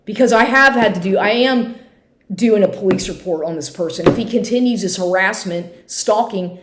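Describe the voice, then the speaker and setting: A woman's voice: medium pitch, moderate pace, noisy background. A woman in her fifties ranting angrily to camera at home, swearing often and restarting her sentences. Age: 50s. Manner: heated, swearing, repetitive restarts. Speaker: vlogger. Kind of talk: angry profane rant to camera. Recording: echoey room.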